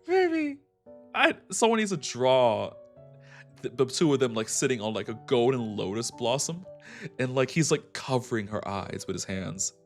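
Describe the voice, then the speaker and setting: A male streamer reading a game story aloud and breaking off into excited, giggly asides, with an accent that shifts as he talks. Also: mid-range voice, normal speed, soft background music. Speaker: VTuber streamer.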